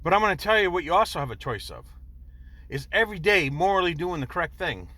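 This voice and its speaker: A man's voice: sits high, expressive, fast talker, bright, forceful tone, no echo. Earnest rambling man in his sixties. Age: 60s. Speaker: vlogger. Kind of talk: personal storytelling monologue.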